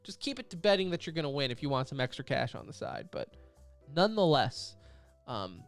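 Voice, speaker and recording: A man's voice: mid-range voice, sing-song, fairly quick, gravelly, soft background music. A man co-hosting an esports podcast, running through news items in a loose, joking way. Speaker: podcast co-host. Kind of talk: casual esports podcast chat.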